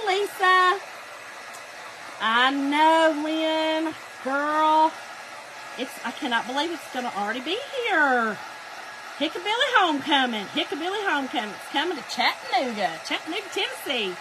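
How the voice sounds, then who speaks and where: A woman's voice: high voice, background noise. A middle-aged woman, chatting casually on a craft live stream, telling stories, laughing often and greeting viewers by name.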